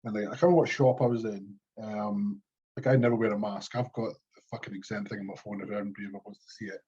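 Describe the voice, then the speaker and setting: A man's voice: lowish voice, fairly even intonation, fast, dark tone, breathy edge, highs cut off. A Scottish man co-hosting a podcast, chatting casually in a blunt, sweary, dismissive way. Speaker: podcast co-host. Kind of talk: casual chat.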